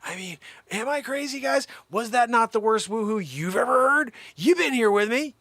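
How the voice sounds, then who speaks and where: A man hosting a livestream, riffing an improvised comedy rant to his chat, animated and jumping between put-on voices and whispers. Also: very high voice, normal speed, dry recording, studio quality. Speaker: livestream host.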